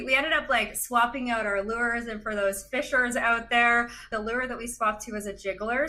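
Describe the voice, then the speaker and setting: A young woman, a podcast guest, telling a story in an animated, chatty way with lots of laughs and fillers. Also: a little high. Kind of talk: casual storytelling in a chat.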